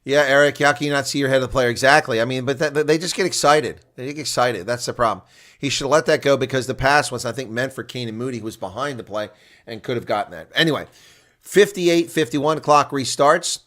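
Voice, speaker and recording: A man giving live reaction commentary on a rugby match, chatting to viewers and getting loudly excited on big plays. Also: mid-range voice, fast talker. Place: home setup streaming a reaction broadcast.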